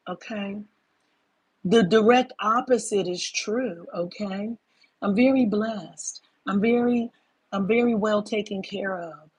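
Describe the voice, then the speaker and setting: A woman in her fifties hosts a casual spiritual monologue, her medium-pitched voice carrying a breathy edge. She's emphatic and profane, often calling listeners "baby," and there's no echo.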